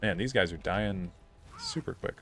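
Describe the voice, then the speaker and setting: A man's voice: low-pitched, lively intonation, normal speed, a bit bright, faint music behind. A young man streaming a game, chatting casually in a rambling, opinionated way full of fillers. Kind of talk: casual gameplay commentary.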